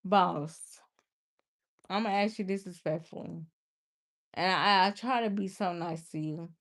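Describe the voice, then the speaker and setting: A woman's voice: on the low side, moderate pace, a bit bright. A young woman livestreaming, casually and exasperatedly scolding a viewer in the chat. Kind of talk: casual live-stream talk to chat.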